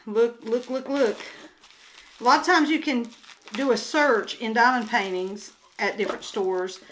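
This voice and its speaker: Older southern lady chatting thru an unboxing, slow n rambly, drops soft now and then. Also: fairly high pitch, slight background noise, rough recording. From Southern United States. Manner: rambling, chatty, often trails into soft murmurs. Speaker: crafts vlogger and booth vendor. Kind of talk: casual unboxing chat to camera. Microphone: handheld phone camera.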